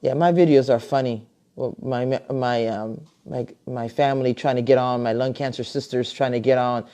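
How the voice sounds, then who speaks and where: A woman's voice: extremely low pitch, steady tone, normal speed. Chatty grandmother hosting a live stream. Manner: chatty and warm-hearted, many fillers and restarts. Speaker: host. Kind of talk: casual live-stream chat. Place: home, at a computer. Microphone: computer mic on a live video call.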